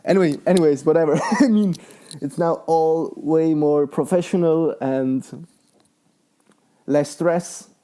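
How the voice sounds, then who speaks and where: Excitable young man, mellow voice. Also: a little high, a little slow. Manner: excitable, laughs often, lots of fillers. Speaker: guest, professional mountain bike rider. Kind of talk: casual conversational interview.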